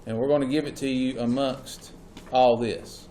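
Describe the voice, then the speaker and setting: A man's voice: mid-range voice, steady tone, normal speed, dark tone, slight background noise. A man teaching a class, often checking whether his students follow. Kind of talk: classroom lecture.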